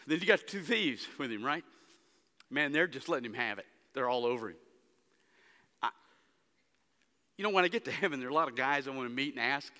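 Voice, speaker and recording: In a church sanctuary with long hall reverb, a forceful pastor delivers a sermon at medium pitch, animated and a little fast, pausing often. His dramatic preaching swings between hushed passages and loud, emphatic stretches.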